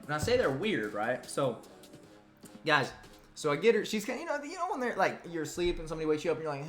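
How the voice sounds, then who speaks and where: A man's voice: a little high, big pitch swings, quick pace, a bit bright, reverberant, soft background music. A man hosting a live stream, telling a comic story in a rambling, self-interrupting way and teasing his audience. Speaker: live stream talk show host. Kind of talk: comedic storytelling to a live chat.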